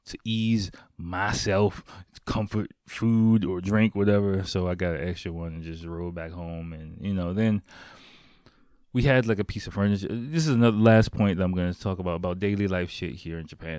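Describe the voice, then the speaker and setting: Deep-voiced man telling a rambling story. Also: fairly quick, darkish tone, clear, resonant tone, dry recording, clean studio sound. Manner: profane, rambling, lots of fillers. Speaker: vlogger. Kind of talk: casual storytelling monologue. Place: home in Japan.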